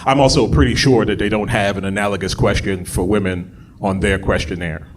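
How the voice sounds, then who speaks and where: A man performing a stand-up comedy set, talking conversationally and jumping into loud shouted bits when he acts out voices. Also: lowish voice, fairly even intonation, fairly quick, a little hiss or hum.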